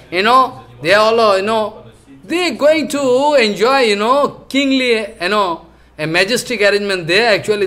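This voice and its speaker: Animated high-voiced male preacher. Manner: animated, emphatic storytelling in simple broken English. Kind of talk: devotional scripture class.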